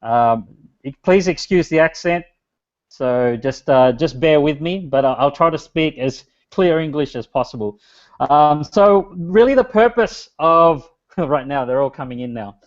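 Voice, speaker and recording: A man in his thirties presents a webinar in a loose, chatty way, his voice sitting a little high for a man. The sound is dull and lo-fi, like audio through a computer mic on an online call. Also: expressive, a little slow. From Australia. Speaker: guest speaker, business strategist.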